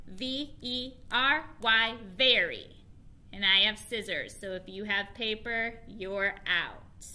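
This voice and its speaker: A woman teacher giving a reading lesson to young children, spelling and sounding out words slowly and asking them to repeat after her. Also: medium pitch, sharp tone.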